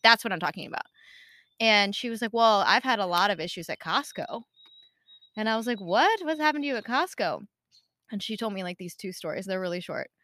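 A woman in her thirties tells a story on a casual podcast, acting out each person's lines with lively energy. Her voice is bright and forward, recorded close and dry. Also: mid-range voice, a little fast, no room sound. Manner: animated storytelling, acting out quotes. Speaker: podcast co-host. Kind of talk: casual chat.

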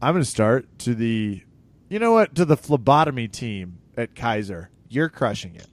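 Podcast co-host, man, mid-pitched, joking, bursts of loud emphasis. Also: big pitch swings, moderate pace. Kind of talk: casual comedic chat.

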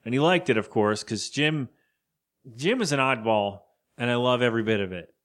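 He speaks in a mid-range voice with a fairly bright tone, co-hosting an easygoing podcast. His episode recap rambles, punctuated by rapid impressions of the characters' lines.

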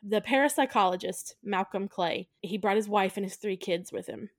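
A woman's voice: mid-range voice, moderate pace, dry recording, clean studio sound. A woman co-hosting a podcast, recapping a film in casual chat and laughing often. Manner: laughs often, acts out quotes in voices. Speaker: podcast co-host.

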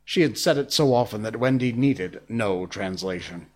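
A man reading a classic children's story aloud in a gentle, breathy voice. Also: on the low side, animated, normal speed. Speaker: narrator.

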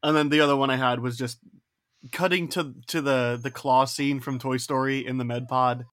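A man's voice: mid-range voice, steady tone, normal speed, a bit bright, no room sound, clean studio sound. A man hosting a podcast in casual chat, asking hesitant, rambling questions full of fillers. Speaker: podcast host.

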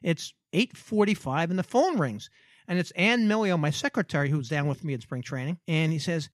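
A middle-aged man, telling stories as a podcast guest in an animated way and acting out the voices of the people in them. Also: a little high, normal speed, dry recording, clean studio sound. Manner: animated, acts out quoted voices with laughter. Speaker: guest storyteller. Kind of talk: anecdotal storytelling.

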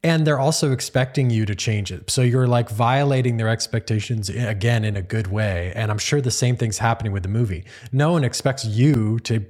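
A man's voice: mid-range voice, a little fast, hardly any pauses, darkish tone. A man hosting an interview show, responding in an easygoing, thoughtful way. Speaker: podcast host. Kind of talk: casual interview talk.

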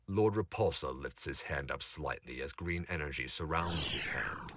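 A man reading the narration of an audio drama in a plain, steady storytelling manner. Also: rumbling low, normal speed, noisy background.

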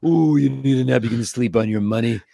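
A man's voice: medium pitch, fast talker, vocal fry, mellow, dry recording, studio quality. A man voicing a sassy, wisecracking robot skeleton sidekick who needles the host in a mocking tone.

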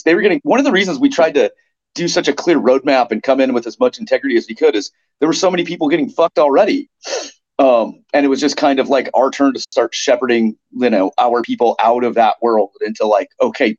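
A man's voice: medium pitch, muffled recording. A man speaking bluntly and with feeling in a casual podcast interview, often swearing, sounding fed up. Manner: blunt, animated, swears freely. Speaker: NFT project co-founder guest.

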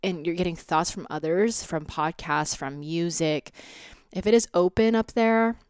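A young adult woman hosting a solo podcast, talking slowly and steadily, at times sinking into soft half-whispers. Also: lowish voice, clean tone, no echo, studio quality. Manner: slow, grounded, drifting into soft half-whispers. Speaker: podcast host. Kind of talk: reflective solo podcast talk.

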